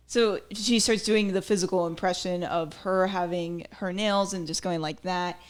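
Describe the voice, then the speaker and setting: A woman's voice: on the low side, fairly even intonation, normal speed, crowd noise. A woman hosting a podcast, giving chatty, opinionated commentary with lots of fillers. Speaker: podcast host. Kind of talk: casual commentary.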